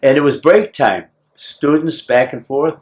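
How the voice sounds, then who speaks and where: An older man, a war veteran, telling his story in an oral history interview with a teasing, lively manner. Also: a little high, a little slow. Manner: lively, acts out scenes, teasing.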